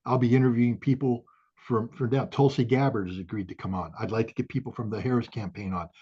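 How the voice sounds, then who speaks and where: Male guest, halting and filler-heavy, prone to fiery bursts; husky, muffled recording. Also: mid-range voice, fairly even intonation. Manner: halting, many fillers, swells into fiery outbursts. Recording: dull lo-fi audio.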